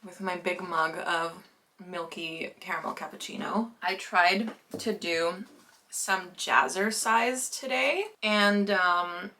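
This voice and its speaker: Bright-voiced young woman chatting casually. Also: fairly low pitch, slow pace. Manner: chatty and relaxed, with filler words and small laughs; talks with her mouth full while eating. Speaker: vlogger. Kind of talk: casual vlog chat. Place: family home in the countryside.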